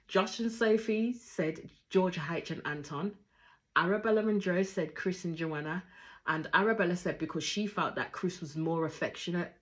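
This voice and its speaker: Brief: lower-voiced woman, flavoured, casual reaction commentary, opinionated, acts out lines big leaps. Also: normal speed. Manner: opinionated, acts out quotes with big jumps in pitch and volume. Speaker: reality show reviewer.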